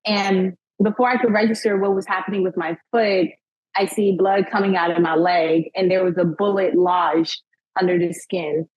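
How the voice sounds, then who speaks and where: A young woman guest telling a personal story in an interview, animated and acting out what people said, often breaking into laughter. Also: lowish voice, moderate pace. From United States. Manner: animated retelling, acting out quotes, frequent laughs and "like". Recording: dull lo-fi podcast sound.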